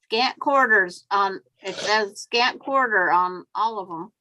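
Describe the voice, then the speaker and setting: A woman's voice: mid-range voice, slow pace, sharp tone, low-quality recording. A woman hosting a quilting live stream, chatting casually and explaining her sewing steps. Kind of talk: casual chat. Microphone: computer mic on a video call.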